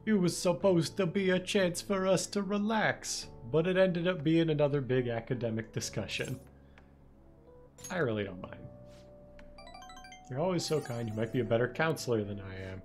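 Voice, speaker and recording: A man reading a gentle rambling counselor. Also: fairly high pitch, moderate pace, faint music behind, lightly acted. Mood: apologetic. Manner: soft, apologetic, self-deprecating.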